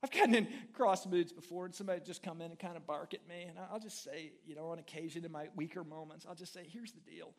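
A male pastor with a notably high voice delivers a lively sermon. He talks in a folksy, humorous way, swinging between loud, emphatic bursts and quieter asides. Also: fast talker, few pauses.

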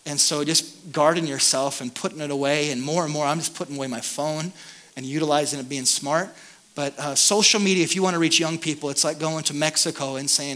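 A man in his thirties with a bright, slightly high voice, speaking as a pastor at a conference. He talks in a candid, self-deprecating way that gets animated. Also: brisk. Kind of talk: conference talk.

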